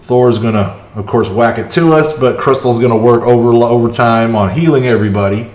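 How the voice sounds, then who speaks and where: A man's voice: mid-range voice, a little fast, darkish tone. Man streaming gameplay in an echoey room. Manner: chatty, reacts aloud to the match, chats with viewers. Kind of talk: live gameplay commentary. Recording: roomy echo.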